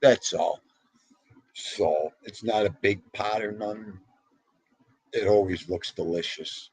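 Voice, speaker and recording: A man hosting a casual livestream, talking to his chat with a gravelly, husky voice. He is chatty and excitable, and his pitch leaps up suddenly as he talks, over a dry, close sound with no room echo. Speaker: livestream host.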